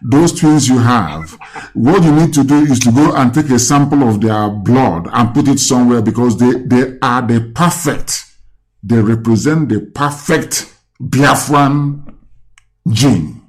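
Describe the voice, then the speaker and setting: A man's voice: mid-range voice, a little slow, darkish tone. A man with a Nigerian accent hosting a live call-in talk, lecturing and asking the caller rhetorical questions. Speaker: host.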